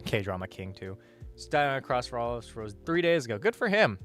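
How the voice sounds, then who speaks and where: Man, casual livestream chat, rambling, hesitant, swears, very lively pitch, faint background music. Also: a little fast.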